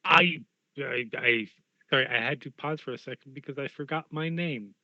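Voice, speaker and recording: A man's voice: medium pitch, normal speed, bright, forceful tone, no room sound. A man player chatting casually at an online game table with self-mocking asides, on a dull lo-fi mic.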